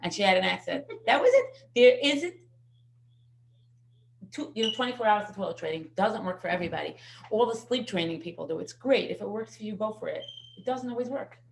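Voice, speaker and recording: A middle-aged woman teaching a parenting class, telling lively stories. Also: medium pitch, brisk, vocal fry, slight background noise. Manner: lively anecdotal storytelling. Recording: echoey room.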